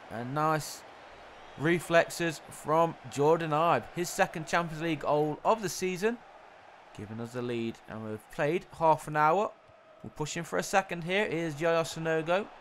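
A young man commentating his own football video game in the style of a sportscaster, getting loud and excited at the goals. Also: fairly high pitch, slight background noise. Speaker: gaming YouTuber.

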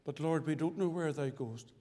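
A man's voice: fairly high pitch, moderate pace. Fervent man preaching in a reverberant church. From Northern Ireland. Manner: fervent preaching with sharp swings from loud to hushed. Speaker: testimony speaker at a church. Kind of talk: preached testimony. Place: church hall. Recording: church recording with long reverb.

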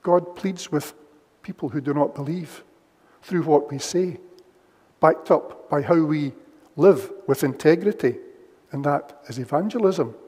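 Male preacher, slightly higher voice, measured and emphatic, church livestream with long reverb. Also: dark tone, husky. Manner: measured, emphatic, repeats key phrases. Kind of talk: sermon.

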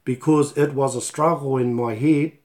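Streaming live from home through a laptop mic, this New Zealand-accented man tutors te reo Māori in a relaxed, storytelling manner, weaving in Māori words. His mid-range voice is a little mellow, with fairly even intonation and a moderate pace.

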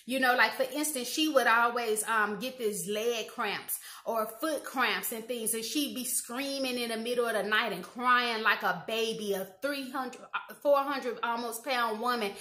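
Animated woman telling family stories. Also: on the high side, unhurried. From Indiana, USA. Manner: animated, acts out quoted dialogue, frequent "you know" and "like". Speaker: YouTube commentator. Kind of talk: casual storytelling monologue. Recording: roomy echo.

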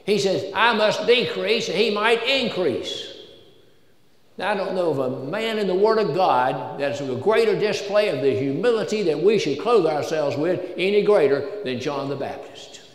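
A man's voice: on the high side, animated, normal speed, hardly any pauses, a little mellow. A man with a Southern American accent preaching a sermon in a church, folksy and joking at times, building to emphatic peaks. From Southern United States. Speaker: pastor. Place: church sanctuary. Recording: echoey church hall with long reverb.

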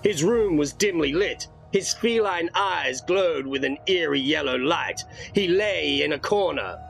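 A man's voice: a little high, animated, a little slow, creaky, a bit bright, soft background music, rough recording. A man reading a horror storybook aloud in dramatic first-person narration.

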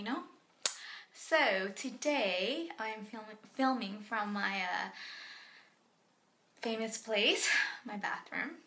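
Bright chatty young woman, slow pace. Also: fairly high pitch, reverberant. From Canada. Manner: chatty, self-mocking, filler-heavy. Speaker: plant vlogger. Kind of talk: casual chat to camera. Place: home bathroom.

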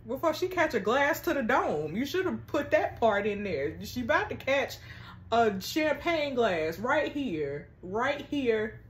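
Sassy higher-voiced woman reacting to texts. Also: unhurried. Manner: sassy, animated commentary with frequent laughter. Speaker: gaming channel host. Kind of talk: reading text-message game aloud with reactions.

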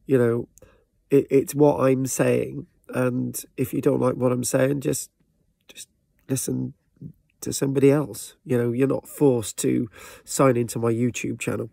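A man with a soft South Welsh accent from Barry, talking to his channel in a hesitant way, with many fillers and restarts. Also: medium pitch, little pitch movement, slow, gravelly, no echo. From Wales. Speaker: channel host, local historian. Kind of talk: casual talk to camera.

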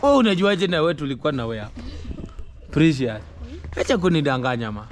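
A man's voice: fairly high pitch, big pitch swings, fast talker, a little hiss or hum. A man talking casually to camera in broken English and coaxing his young children, in a home family vlog. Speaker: vlogger.

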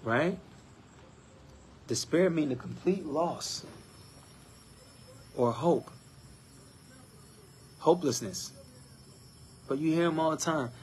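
A man preaching a sermon, defining scripture word by word, firing questions at his listeners and mocking complainers in a higher voice. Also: slow, long pauses, darkish tone, a little hiss or hum. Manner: defines words one by one, asks the crowd questions, mimics complainers in a higher voice.

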